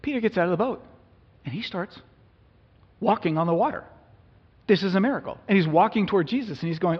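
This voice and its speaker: A male pastor preaches in a relaxed, conversational way, often turning to his listeners with questions. His voice sits a little high and sounds husky. The sermon rings in a reverberant hall on a dull, lo-fi recording. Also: fairly quick. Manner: conversational, asks the congregation questions.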